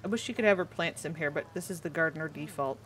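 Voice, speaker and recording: A woman's voice: sits low, quick pace, a bit bright, a little hiss or hum. A woman in her twenties chatting casually as she streams a game, giggly and rambling, with many restarts. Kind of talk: casual gameplay commentary.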